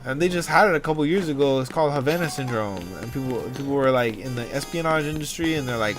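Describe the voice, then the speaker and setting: A young man streams a game from his home setup, talking off the cuff and bouncing between jokes and tangents. He swears easily and calls everyone dude or dog, and his pitch sits in an ordinary middle range. Game music plays clearly underneath his voice. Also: quick pace, hardly any pauses. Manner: rambling, joking, swears freely, calls viewers dude and dog. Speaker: livestream gamer. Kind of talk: casual livestream chat while playing.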